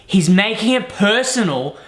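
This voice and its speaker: A man's voice: sits high, animated, measured pace, a bit bright. A man working as a speaker coach, giving an upbeat analysis of a famous speech. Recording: roomy echo.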